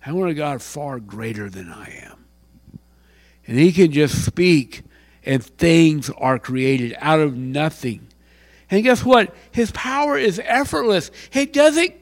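High-voiced pastor preaching slowly. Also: male voice. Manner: swings from hushed, near-whispered lines to loud exclaiming. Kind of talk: sermon. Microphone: handheld mic.

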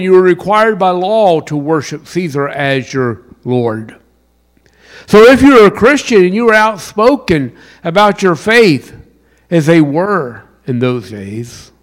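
A man with a Southern US accent from South Carolina, preaching a sermon with wide swings in pitch and loudness. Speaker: pastor.

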